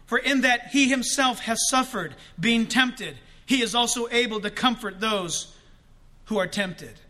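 A male pastor preaching a sermon, slowing down dramatically to stress key words and rising with emphasis. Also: very high voice, bright, forceful tone.

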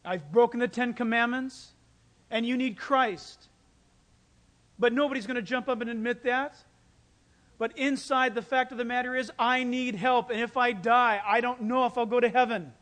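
A pastor preaching a sermon, telling stories with animated delivery and acting out quoted voices. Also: male voice, extremely high pitch, moderate pace. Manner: animated storytelling, acts out quotes.

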